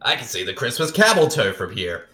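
A man riffs on a movie with his co-host, giggling through his jokes. His voice is lively and bright. The room sounds echoey, with faint music behind. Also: medium pitch, brisk. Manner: giggly, laughs often. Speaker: podcast co-host. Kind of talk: casual movie riffing commentary.

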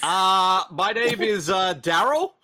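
A nervous bartender who stumbles over his words and keeps stalling with fillers, as a man puts him on. His voice stays lively and bright. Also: sits high, exaggerated voice. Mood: fumbling. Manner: halting, fumbling, flustered. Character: awkward hesitant adult male bartender.

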